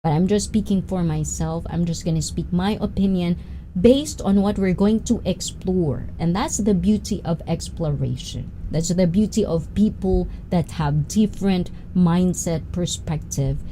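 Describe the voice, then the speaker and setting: Slow, mellow-voiced woman. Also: on the low side, slight background noise, poor audio. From Japan and the Philippines. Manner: chatty, greets viewers by name, laughs often. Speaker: livestream host. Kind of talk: casual livestream chat. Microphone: sensitive desk mic.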